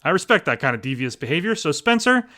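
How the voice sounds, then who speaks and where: A man's voice: on the high side, big pitch swings, fast, sharp tone. A man in his thirties hosting a podcast, chatting enthusiastically about stories he enjoyed and joking at his own expense. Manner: enthusiastic, chatty, self-deprecating. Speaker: podcast host. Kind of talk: casual podcast recommendations.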